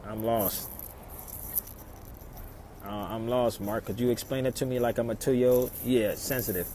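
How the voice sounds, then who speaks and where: A man talking casually to his live stream viewers from outside in his old neighborhood, preaching, firing off rhetorical questions and swinging between loud and soft. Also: medium pitch, steady tone, a little slow, a little hiss or hum, low-quality recording. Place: outdoors in a city neighborhood.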